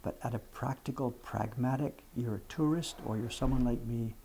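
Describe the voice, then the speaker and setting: A livestream host in his seventies chats casually and answers viewers' questions, frank and self-deprecating. His mid-range voice has a dark tone and a moderate pace, with slight background noise.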